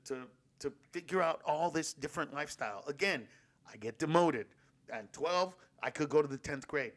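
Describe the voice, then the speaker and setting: Animated, slightly high-voiced storytelling man. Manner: animated, profane, mixes in Spanish words. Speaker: podcast host. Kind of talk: casual storytelling chat.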